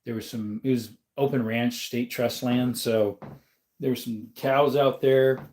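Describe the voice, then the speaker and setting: A man from Arizona rambling casually while answering viewer comments on a livestream, his throat rough and dry, filmed on a phone on a stand. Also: mid-range voice, fairly even intonation, a little slow, a little mellow. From Arizona, USA. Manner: rambling, with many ums and laughs. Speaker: livestream host. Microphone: phone camera on a stand.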